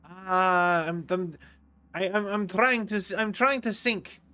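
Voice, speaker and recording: This young man talks slowly over a game stream in a high, bright, smooth voice with a forceful tone. His casual commentary rambles playfully and keeps getting cut off by his own restarts.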